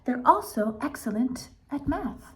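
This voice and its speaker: A woman reads a children's picture book aloud in a high, swooping sing-song voice, going a little slowly. Now and then she pauses to chat playfully with her young listeners.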